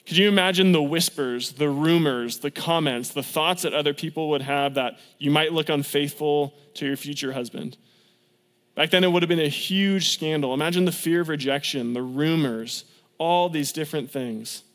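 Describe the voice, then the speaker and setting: Upbeat young youth pastor in a reverberant church. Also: male voice, a little high, normal speed, fairly bright tone. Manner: upbeat, conversational, acts out quotes. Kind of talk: casual storytelling sermon. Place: church sanctuary.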